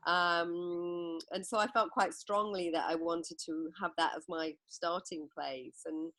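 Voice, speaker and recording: A woman's voice: fairly low pitch, fairly even intonation, measured pace, sharp tone, no echo. A middle-aged woman from England, a book author, telling reflective anecdotes as a guest in a podcast interview.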